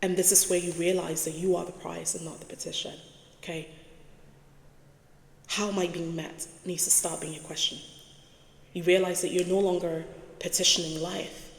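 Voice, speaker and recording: Gravelly woman, slow emphatic reflection. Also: lowish voice, flat delivery, slight background noise. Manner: slow, emphatic, repeats key words, asks "right?". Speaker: spiritual reflection host. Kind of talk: casual spoken reflection while writing on a board. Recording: echoey room with long reverb.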